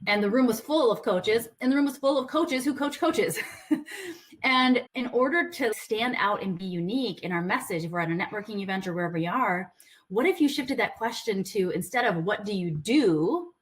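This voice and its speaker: A woman's voice: mid-range voice, expressive, moderate pace. A woman business coach giving a conversational talk to a group, earnest with playful asides.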